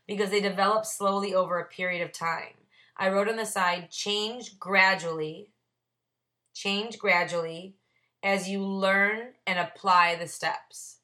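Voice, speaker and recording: Bright-voiced woman leading a book study. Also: mid-range voice. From Ohio, USA. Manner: reads passages then explains her own notes. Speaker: AA Big Book study leader. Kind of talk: reading aloud and commenting on a text.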